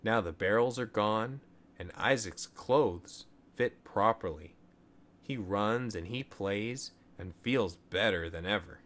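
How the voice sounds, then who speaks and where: A man reading a children's story aloud as the show's storyteller, in a gentle and expressive way. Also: lowish voice, slow pace.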